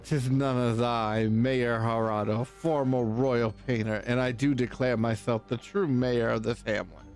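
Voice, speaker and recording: A man's voice: medium pitch, steady tone, a little slow, hardly any pauses, darkish tone, faint music behind, natural voice. A man reading a pompous male village mayor, a former royal painter, aloud in stately old-fashioned speech. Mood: haughty. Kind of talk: reading game dialogue aloud.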